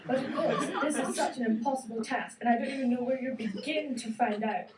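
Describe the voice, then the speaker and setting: A woman's voice: a little high, fairly quick, noisy background, lightly acted. A woman voicing a taunting male captor who sets a condition in a children's story. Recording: roomy, distant.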